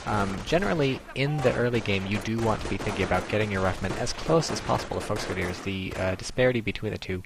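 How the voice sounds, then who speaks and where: A man's voice: lowish voice, quick pace, gravelly, hardly any pauses, noisy background. A man giving casual, rambling commentary on a strategy game, explaining tactics with many ums.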